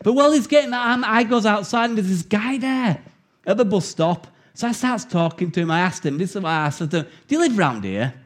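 English guy giving a sermon, kinda high voice, chatty stories then earnest scripture bits. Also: a little fast. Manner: anecdotal storytelling, animated and laughing. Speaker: preacher.

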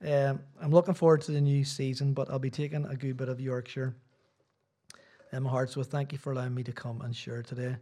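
A man's voice: medium pitch, flat delivery, brisk, warm tone. Chatty Irish man preaching in church. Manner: rambling, self-deprecating, chatty asides. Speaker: visiting preacher. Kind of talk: sermon with casual chat.

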